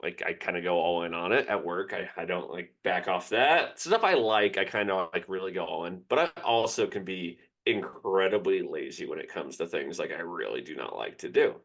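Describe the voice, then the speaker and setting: A man's voice: low-pitched, expressive, normal speed, hardly any pauses, fairly bright tone. A young man co-hosting a sports podcast, telling a personal story in a rambling, candid way. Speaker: podcast co-host. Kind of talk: casual sports podcast chat.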